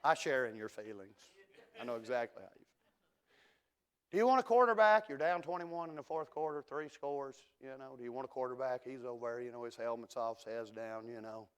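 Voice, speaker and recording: A middle-aged man, preaching a sermon in a church and swinging from hushed asides to loud declarations. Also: mid-range voice, fairly even intonation, fairly quick, clean tone. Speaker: pastor. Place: church sanctuary.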